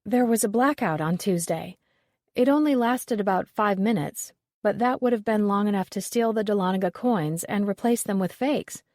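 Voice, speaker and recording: A woman voicing an eager, excitable young woman reporter who speaks with a slightly smug enthusiasm. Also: medium pitch, normal speed, dry recording, clean studio sound, lightly acted. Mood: excited.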